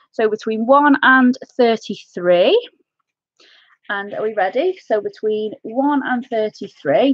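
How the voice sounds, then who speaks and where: A woman's voice: fairly high pitch, dry recording, muffled recording. A woman from North Wales with a Welsh accent hosts a craft live stream, chatting casually and calling her viewers "my love".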